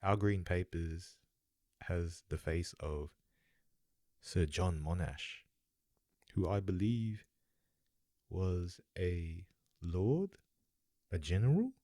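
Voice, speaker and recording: Man, young adult, rambling, laid-back, very low voice, dry recording. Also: lively intonation, extremely slow, pauses often, warm tone, no room sound. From Australia. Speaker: vlogger. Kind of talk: casual musing monologue.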